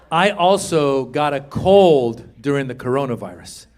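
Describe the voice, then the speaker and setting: A man performing a stand-up comedy set, energetic, jumping to loud shouted punchlines and acted voices. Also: medium pitch. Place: comedy stage with a live audience. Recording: live club recording, audience laughter and faint noise.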